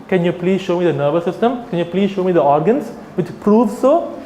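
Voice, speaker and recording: High-voiced man lecturing in a hall. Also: fast, a little hiss or hum. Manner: animated, addresses the audience directly, mocking examples. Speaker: animal rights activist. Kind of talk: lecture to a live audience. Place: hall with an audience. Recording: echoey hall, faint ambience.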